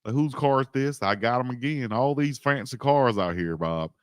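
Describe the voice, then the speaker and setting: A man voicing a gleeful male parking officer who loves ticketing fancy cars, with drawn-out, excited exclamations. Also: mid-range voice, clear, resonant tone, no echo, clean studio sound, lightly acted.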